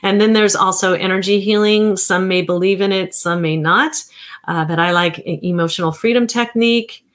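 A therapist in her fifties chats casually on a livestream, rambling and correcting herself with small chuckles. Her voice is medium-pitched and a bit bright, with fairly even intonation and normal speed.

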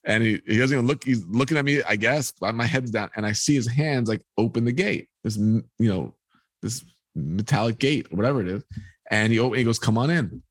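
A man's voice: medium pitch, brisk, no room sound. A man, a guest telling a long personal story and acting out the people in it. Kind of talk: storytelling in a podcast conversation.

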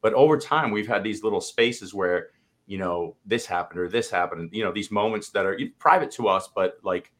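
A man co-hosting a podcast talks in a casual conversation, candid and reflective, rambling and restarting as he goes. His voice is on the low side, at a normal speed.

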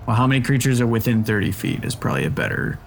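A man playing a tabletop game, deliberate and wryly grumbling about his luck. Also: mid-range voice, big pitch swings, vocal fry, soft background music. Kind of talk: casual game-night chat.

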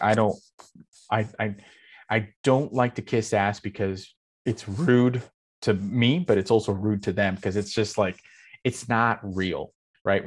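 Man, lowish voice, casual podcast chat, rambling, lots of fillers. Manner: rambling, animated storyteller with many fillers. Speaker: game master and guest.

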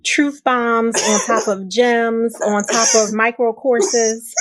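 A woman hosting a podcast interview, talking in an effusive, animated way and making up words as she goes. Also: a little high, slow pace, few pauses. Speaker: podcast host. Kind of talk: casual interview chat.

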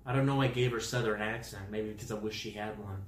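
A man rambling through a goofy comic monologue full of wordplay, swinging into loud exasperation. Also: lowish voice, fairly even intonation, fast talker, echoey room, a little hiss or hum.

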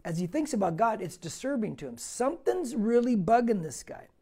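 Mellow-voiced pastor preaching casually. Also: male voice, sits high, big pitch swings, brisk, husky. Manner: conversational, asks the listeners rhetorical questions; reads scripture aloud with rising force. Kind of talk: verse-by-verse sermon.

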